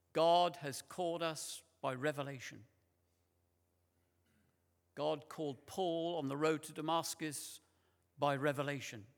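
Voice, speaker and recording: A man preaching a sermon in a church, slow and deliberate, repeating key words for emphasis. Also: on the high side, fairly bright tone. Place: large church. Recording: long church reverb.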